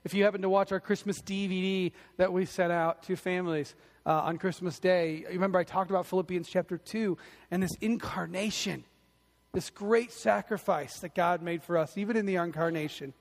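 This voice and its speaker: A male pastor preaching a sermon in a church, telling animated stories and delivering lines with emphasis. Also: high-pitched, a little fast, long reverb tail. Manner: animated storytelling, emphatic, acts out quotes.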